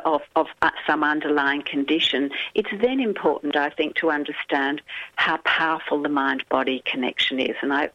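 Gravelly woman on a muffled phone line. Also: low voice, no echo. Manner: animated storyteller who acts out quoted dialogue. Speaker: author guest. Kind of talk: radio interview, storytelling. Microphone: telephone.

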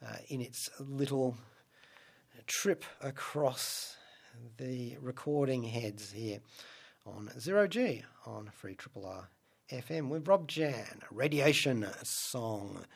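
A man's voice: medium pitch, animated, takes it slowly, creaky, breathy edge. A man hosting a radio show, reviewing films in a casual, rambling, wry way. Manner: rambling and wry, many asides. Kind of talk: casual film review monologue.

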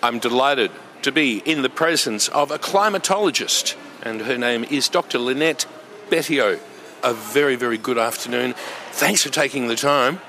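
A man's voice: mid-range voice, normal speed, sharp tone, slight background noise. An Australian man hosting a community radio show, chatty and enthusiastic, with lots of fillers.

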